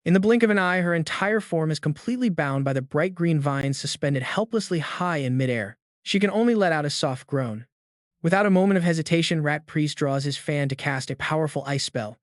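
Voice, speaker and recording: Guy narrating a comic recap, kinda high voice, dry close sound, steady dramatic telling. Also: a little fast, dry recording. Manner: steady, dramatic storytelling delivery.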